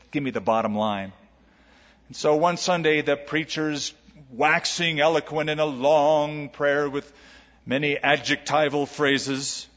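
Emphatic preacher, reverberant lo-fi. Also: male voice, mid-range voice. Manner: animated, emphatic, humorous. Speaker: pastor. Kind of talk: sermon. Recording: lo-fi with long hall reverb.

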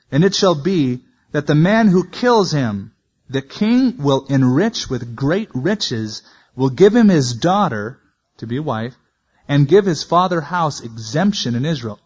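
A man's voice: fairly high pitch, husky. A man teaching verse by verse from the Bible, reading scripture aloud and then adding casual, conversational comments. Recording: dull lo-fi recording.

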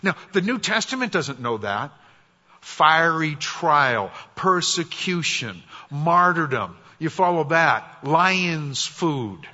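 A guest preacher with a forceful, slightly husky voice, telling scripture stories in a casual, wry way. The recording is dull and lo-fi, and a long reverb trails through a large hall. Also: male voice, fairly high pitch, big pitch swings, slow pace. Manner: conversational and wry, drops soft for quoted prayers. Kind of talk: sermon. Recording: dull, echoey church hall.

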